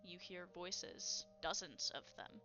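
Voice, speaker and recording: Slow, atmospheric woman game master. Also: fairly low pitch, pushed and bright, highs cut off, soft background music. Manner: measured, atmospheric narration. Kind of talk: narrating a tabletop game.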